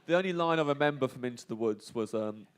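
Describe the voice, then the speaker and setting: A man, a comedian, telling a funny story in an animated way at a live stage show, laughing through his own tale. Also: mid-range voice, fast talker, clean tone.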